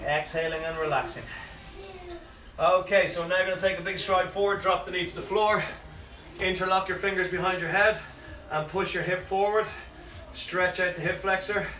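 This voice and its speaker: A man, out of breath, leading a live workout with energetic cues and chatty asides. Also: fairly high pitch. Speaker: fitness coach. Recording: echoey room, mic at a distance, faint music.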